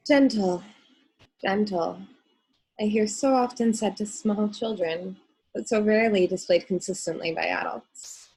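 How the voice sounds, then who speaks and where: A woman reads a tender prose piece over a video call. Her voice is mellow and breathy, and it softens toward the end of each phrase. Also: medium pitch, a little slow, poor audio. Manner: gentle, soft reading, fades at phrase ends. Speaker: guest reader on a call. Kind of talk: reading her own prose poem.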